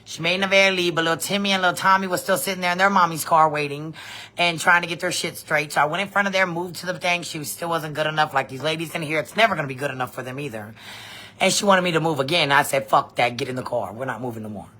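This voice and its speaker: A woman, telling a story in a blunt, profane, animated vlog rant. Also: low-pitched, quick pace. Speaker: vlogger.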